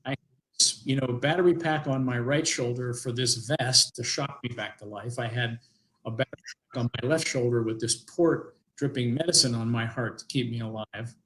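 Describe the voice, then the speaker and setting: A man's voice: medium pitch, moderate pace, fairly bright tone, poor audio. An older man, a guest on an interview show, telling a personal story in a rambling way, with many restarts and acted-out quotes.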